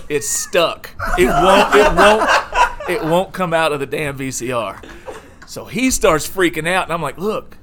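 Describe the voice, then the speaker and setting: A man's voice: on the high side, animated, moderate pace. A middle-aged man telling a profane story in casual chat, chuckling and sometimes dropping to a mutter. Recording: noisy room.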